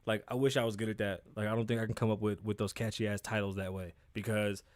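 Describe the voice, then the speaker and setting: A man's voice: fairly low pitch, little pitch movement, fast, no room sound, clean studio sound. A man hosting his own podcast, talking in a blunt, profane and rambling way with frequent asides. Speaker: podcast host. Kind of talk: casual solo commentary.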